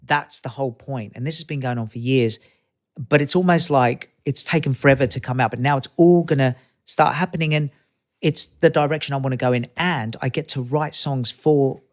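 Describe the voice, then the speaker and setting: A man's voice: mid-range voice, normal speed. A man in his fifties with an Australian accent, chatting as a guest in an interview and acting out voices in his stories. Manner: animated, acts out quoted voices in anecdotes. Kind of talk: casual interview chat.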